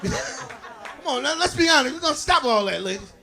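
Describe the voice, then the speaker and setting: A man doing a stand-up comedy set for a live audience, shouting his punchlines, laughing at his own jokes and calling out to the crowd. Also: extremely high pitch, expressive, normal speed, noisy background. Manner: talks straight to the crowd, calls out to them.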